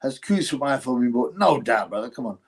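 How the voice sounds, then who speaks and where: A man's voice: medium pitch, lively intonation, fairly quick, breathy edge. A man hosting a casual livestream, rambling bluntly and swearing while answering viewers. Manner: rambling, blunt, profane, calls viewers bro. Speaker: host. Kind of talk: casual livestream chat, reading viewer comments.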